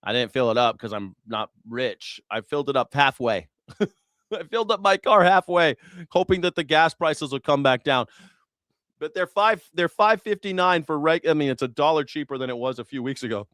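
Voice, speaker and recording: A man's voice: a little high, expressive, moderate pace, fairly bright tone, no echo. Sarcastic, profane man, dry close sound. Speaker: host. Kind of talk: news reaction commentary.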